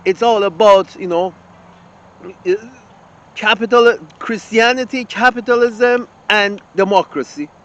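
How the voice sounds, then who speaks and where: A man's voice: sits high, a little slow, a bit bright, muffled recording. A man delivering an indignant, profane open-letter rant as host of his own channel, tripping over his words and restarting often. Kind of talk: ranting open-letter monologue.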